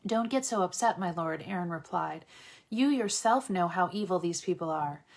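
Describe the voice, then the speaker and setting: Reader: woman, lowish voice, steady measured scripture reading. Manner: steady measured reading, voicing quotes lightly. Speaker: Bible reader.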